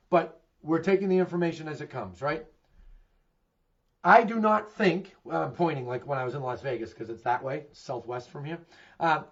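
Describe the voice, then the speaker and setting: A middle-aged man with a Boston accent talks through the housing market to camera, frank and emphatic. He keeps posing questions and answering them himself, in a voice sitting a little high. The recording sounds dull and lo-fi. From Massachusetts. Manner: candid, emphatic, asks and answers his own questions. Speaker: real estate agent giving a market update. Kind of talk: direct-to-camera market commentary.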